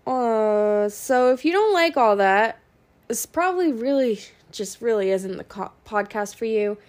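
A young woman hosting her own podcast in a casual, rambling way, frank and swearing, with many ums and pauses. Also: a little high, animated, darkish tone. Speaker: podcast host.

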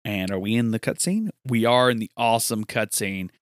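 A man's voice: lowish voice, fairly quick, no room sound, clean studio sound. A man casually talking through a video game, chatty and enthusiastic as he retells what the characters say. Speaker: gameplay commentator. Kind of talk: casual let's-play commentary.

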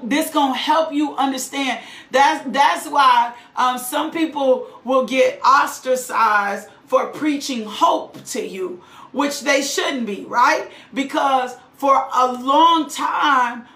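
A woman's voice: high voice, pushed and bright. Fervent woman preacher, echoey room. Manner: fervent, repeats lines for emphasis, asks "right?". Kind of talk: sermon.

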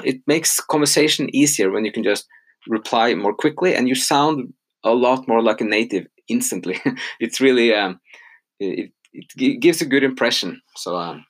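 Male teacher and podcast host: husky voice, animated pitch, patient, slows down to repeat examples. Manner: patient, says example phrases slowly and repeats them. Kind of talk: relaxed podcast grammar lesson.

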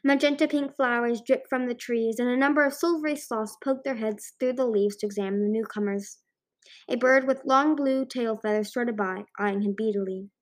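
A woman's voice: on the high side, normal speed. A woman narrating a children's fantasy book as an amateur audiobook reader, with frequent slips and restarts.

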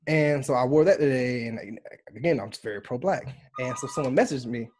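A fast-talking man from the United States chats on a podcast, full of animated stories and acted-out quotes. His voice is a touch husky. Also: mid-range voice, soft background music. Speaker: podcast guest. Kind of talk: casual podcast chat.

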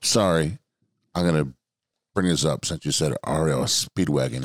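A man co-hosting a podcast, telling stories in a casual, animated, profane way. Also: low voice, normal speed, dry recording, studio quality. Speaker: podcast co-host. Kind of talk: casual chat.

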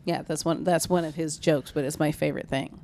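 A woman co-hosting a casual comedy podcast, animated and teasing. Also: sits low, slight background noise. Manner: animated, teasing, quick jokes.

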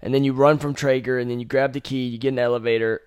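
A man's voice: medium pitch, steady tone, fast, a little mellow, clean tone, dry recording, clean studio sound. A young man hosting a podcast, casually and animatedly retelling a game with profanity and laughing asides. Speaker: podcast host.

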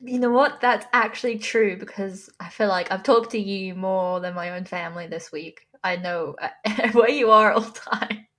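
A young woman co-hosts a gaming podcast with dry, teasing wit. She reads news items in a casual way. Her voice sits at a middle pitch. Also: normal speed, hardly any pauses, fairly bright tone. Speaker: podcast co-host.

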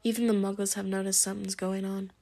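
A woman's voice: mid-range voice, little pitch movement, fast, mellow, lightly acted. A woman whispering as a stern older witch, whispered role-play. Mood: impatient. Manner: impatient, clipped, irritable.

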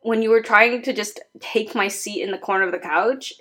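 A woman's voice: mid-range voice, moderate pace. A young woman chatting casually with her sister, telling a childhood story with lots of laughter. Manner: animated, laughs while telling stories. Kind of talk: casual chat.

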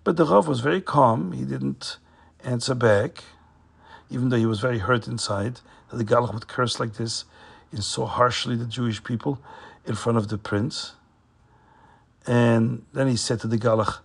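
Raspy, gravelly male storyteller. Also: mid-range voice, normal speed. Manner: informal retelling with fillers.

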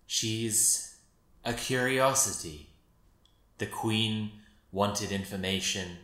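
A man voicing a calm regal sphinx. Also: lowish voice, reverberant. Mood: cool, superior. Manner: slow, calm, coolly superior. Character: regal female sphinx guarding a cat kingdom.

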